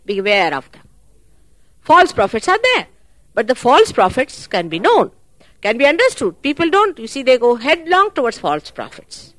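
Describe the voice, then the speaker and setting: A woman giving a spiritual talk at a public program, animated and full of rhetorical questions. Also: a little high, moderate pace, dry recording. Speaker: spiritual teacher.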